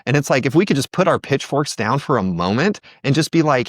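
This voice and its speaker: A man's voice: mid-range voice, brisk, no room sound, studio quality. A man as a podcast guest, talking with passion and often quoting other people. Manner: passionate, animated, quotes others in voices. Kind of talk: conversational podcast interview.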